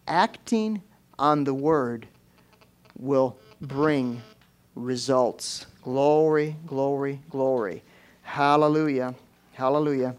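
Folksy man preaching a sermon. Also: mid-range voice. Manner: folksy, conversational, with repeated "you know" and rising exclamations.

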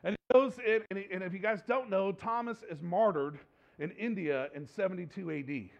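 Animated high-voiced male preacher. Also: normal speed, gravelly, lo-fi sound. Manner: animated, repeats himself, acts out quotes. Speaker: pastor. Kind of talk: sermon. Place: church hall with slides.

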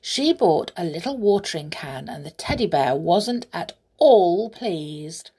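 A woman reads a children's storybook aloud. She is gentle and unhurried, taking her time over each sentence. Her voice is soft, breathy and a little husky, and now and then it sinks to a whisper. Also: lowish voice, expressive.

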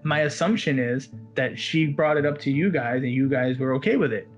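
A man working as a walk-around magician, telling a story in an animated, casual chat. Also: medium pitch, brisk, faint music behind. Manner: animated, quotes others in his story.

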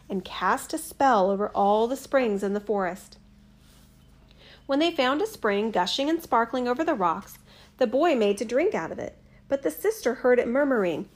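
A woman reading a fairy tale aloud in a gentle, measured, expressive storytelling manner. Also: on the high side.

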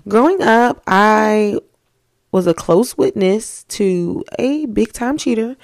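A young woman hosting a podcast, telling stories in a blunt, profane, animated way. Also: medium pitch, no room sound, studio quality. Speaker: podcast host. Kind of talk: casual storytelling.

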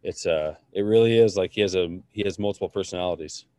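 A man's voice: low-pitched, fast talker, mellow, no room sound, clean studio sound. A man co-hosting a podcast, talking in a rambling, loose way with many fillers and restarts. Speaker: podcast co-host. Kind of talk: casual chat.

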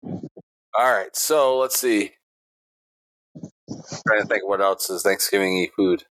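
Man, low pitch, agreeable casual podcast co-host. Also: slow, fairly bright tone, no echo.

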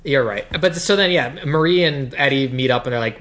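A co-host in a casual podcast chat, calmly walking through a movie's plot and agreeing easily. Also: medium pitch, a little fast. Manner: laid-back, agreeable, narrates the plot.

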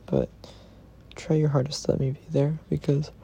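A young man talking tenderly and rambling to his girlfriend in a personal podcast, sometimes dropping into soft whispers. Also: fairly high pitch, big pitch swings, moderate pace, creaky, a little hiss or hum. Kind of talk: intimate personal voice message.

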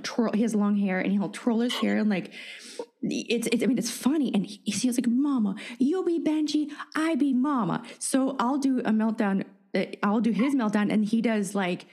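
A woman hosts a podcast of casual chat, speaking self-deprecatingly with frequent restarts and laughter. Her voice is medium in pitch with a darkish tone.

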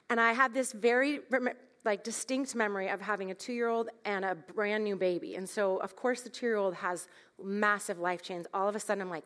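A woman in her thirties telling a candid, self-deprecating parenting story as part of a sermon, laughing at herself as she goes. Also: medium pitch. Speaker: speaker at a church gathering. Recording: long hall reverb.

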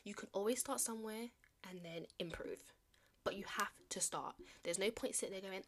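A woman's voice: mid-range voice, a little fast, fairly bright tone, slight background noise. A young woman hosting her podcast solo, chatting casually in an upbeat, motivational way with slangy asides. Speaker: podcast host.

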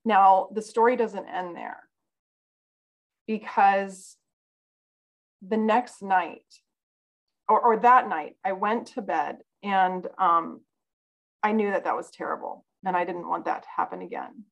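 A woman's voice: mid-range voice, takes it slowly, gravelly, pauses often, lo-fi sound. A woman guest on a podcast, telling a personal story in an earnest, candid way. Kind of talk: casual conversation, personal storytelling.

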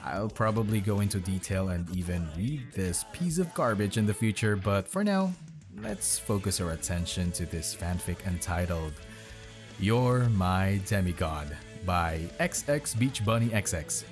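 A man reads terrible fan fiction aloud for his podcast from his bedroom, mocking it with sarcastic commentary as he goes. Over music, his low voice is expressive and unhurried.

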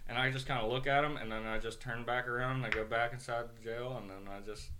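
A man's voice: medium pitch, fairly even intonation, fast talker, background noise. A man, a corrections officer, telling rambling, profane stories in a casual podcast chat.

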